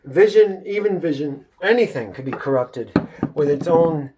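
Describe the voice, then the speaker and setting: Rambling profane man, slightly high voice. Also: animated, normal speed, very noisy. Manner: rambling and profane, keeps asking himself "why?". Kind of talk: rambling solo monologue.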